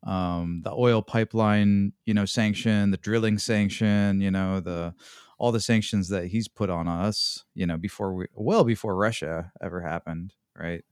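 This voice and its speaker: A man co-hosting a podcast in casual chat, halting and searching for words, with dry jokes. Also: lowish voice, steady tone, clear, resonant tone, no room sound. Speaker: podcast co-host.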